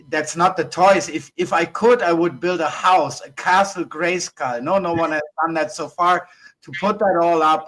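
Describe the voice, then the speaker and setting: A man with a German accent, a native German speaker, chatting as a guest in a reflective, halting way. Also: on the high side, a bit bright, low-quality recording. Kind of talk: casual chat.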